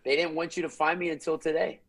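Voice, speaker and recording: A man's voice: fairly high pitch, flat delivery, quick pace, fairly bright tone. Upbeat, playful podcast guest man. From France. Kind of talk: casual podcast chat.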